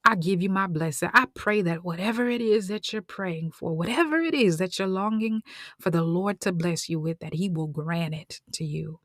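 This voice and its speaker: A woman's voice: lowish voice, moderate pace, fairly bright tone, no echo, studio quality, close to an everyday voice. Woman doing a brash, slangy priest. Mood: apologetic. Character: judgmental man, a priest, turning sheepish.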